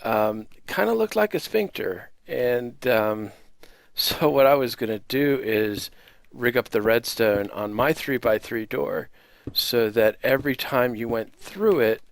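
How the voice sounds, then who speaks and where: With a medium-pitched voice full of vocal fry, this American man talks slowly while hosting a laid-back Minecraft video. His gameplay commentary rambles, packed with fillers and jokes at his own expense, and the recording has no echo.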